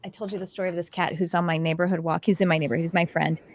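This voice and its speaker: A woman's voice: fairly low pitch, racing. Chatty middle-aged woman telling stories. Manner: animated storytelling with quoted dialogue and laughs. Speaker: host, intuitive development teacher. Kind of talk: casual chat.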